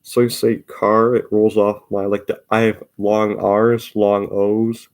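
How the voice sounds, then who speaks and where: A man's voice: fairly low pitch, level tone, slow pace. A young man with an Upper Midwest accent, rambling in a casual solo vlog, drawing out his vowels and repeating words. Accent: Upper Midwest American. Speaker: vlogger.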